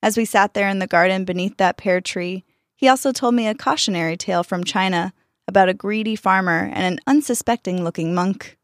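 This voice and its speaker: A woman's voice: medium pitch, a little fast, dry recording, clean studio sound, close to an everyday voice. A woman voicing a cheerful man fondly recalling his father. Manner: fond, reminiscing.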